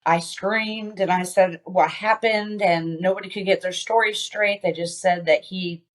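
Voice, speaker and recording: Low-voiced woman recounting a hard memory. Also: fairly even intonation. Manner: halting, many fillers and restarts. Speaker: podcast guest. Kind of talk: personal storytelling interview.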